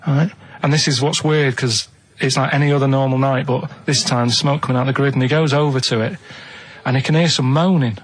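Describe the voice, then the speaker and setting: A man telling a rambling riddle story on a radio show, halting and repeating himself, checking in with "right?". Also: mid-range voice, fairly even intonation.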